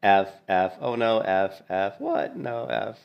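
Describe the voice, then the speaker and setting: A man casually commentating on a gameplay clip, animated and mocking, laughing often. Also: fairly low pitch, slow, vocal fry, muffled recording. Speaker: gaming streamer.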